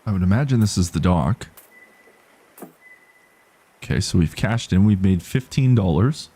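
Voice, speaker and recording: A male game streamer talks casually through his playthrough and reads out viewer messages as they come in. His voice is low, dark and mellow, with a gravelly, husky grain. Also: animated, moderate pace. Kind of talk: casual gaming commentary.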